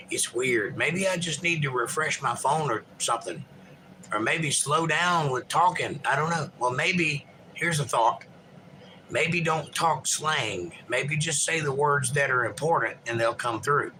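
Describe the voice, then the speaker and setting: A man's voice: mid-range voice, bright, forceful tone, a little hiss or hum, poor audio. A man hosting a livestream, reading viewer chat aloud and chatting in a rambling, folksy, joking way.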